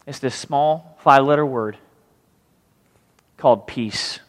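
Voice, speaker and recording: A man's voice: medium pitch, slow pace, big-room sound. A man preaching a sermon, reading scripture and acting out the pleading voices of the people in it. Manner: animated, acts out pleading voices. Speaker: pastor.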